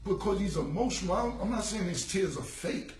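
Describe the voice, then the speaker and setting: A man's voice: sits high, expressive, fairly quick, darkish tone, reverberant, recorded from a distance, slight background noise, rough recording. A man in his forties in a casual livestream monologue, rambling and repeating himself in street slang. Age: 40s. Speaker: rapper. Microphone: phone.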